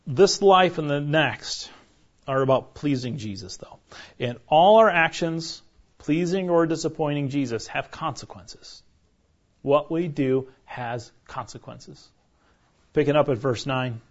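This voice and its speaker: A man preaching in a relaxed, conversational way, often tossing "right?" back at his listeners. His voice sits a little high for a man. The recording sounds dull and lo-fi. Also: unhurried. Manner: chatty, keeps asking the room "right?". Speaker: pastor teaching a Bible study. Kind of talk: conversational sermon.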